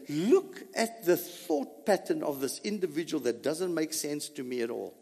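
A man preaching a sermon, animated, asking his audience questions and repeating points for emphasis. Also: on the high side, normal speed, hardly any pauses, in a large hall.

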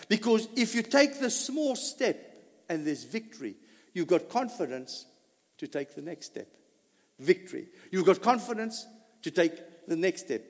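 Preacher man, high lively voice, slow and emphatic, keeps asking the crowd stuff, echoey hall. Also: vocal fry. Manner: animated, questions the audience, repeats for emphasis. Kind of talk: sermon.

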